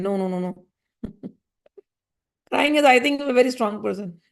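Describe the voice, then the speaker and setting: A woman giving a spiritual discourse, earnest and gently reassuring, repeating her points. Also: a little high, normal speed, gravelly. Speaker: spiritual teacher.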